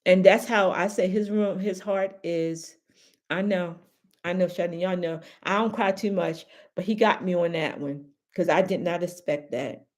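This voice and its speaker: A woman's voice: fairly low pitch, fairly even intonation, normal speed, darkish tone. Heartfelt woman hosting a live stream. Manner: emphatic, repeats phrases, calls viewers baby and y'all; heartfelt, grateful. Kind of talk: casual live-stream talk to viewers.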